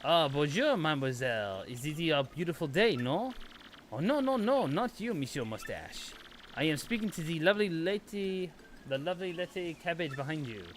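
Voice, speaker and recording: A man's voice: on the high side, very animated, normal speed, slight background noise. A man voicing a smarmy, flirtatious Frenchman in a put-on French accent, with an oily, showy delivery. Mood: flirting.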